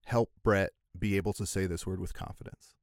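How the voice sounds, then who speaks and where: A man's voice: deep voice, fairly even intonation, a little fast, no echo, studio quality. A man co-hosting a comedy podcast, teasing his friends playfully with mock-serious coaching. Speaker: podcast co-host. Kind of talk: casual comedic chat.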